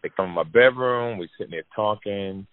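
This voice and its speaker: Low-voiced guy telling a wild story on a podcast, cussing a lot, dry tinny phone-like sound. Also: fairly quick, no echo. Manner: animated, profane, repeats for emphasis. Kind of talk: casual storytelling to an audience.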